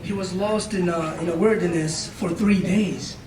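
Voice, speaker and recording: A man's voice: high-pitched, fairly even intonation, normal speed, crowd noise. A man giving a motivational speech to young listeners, telling a story emphatically and with lots of repetition, often checking in with questions. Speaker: motivational speaker. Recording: echoey room, mic far off.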